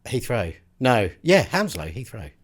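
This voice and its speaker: Podcast co-host: woman, low-pitched for a woman, very lively pitch, playful and rambling. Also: measured pace, husky. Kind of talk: casual chat.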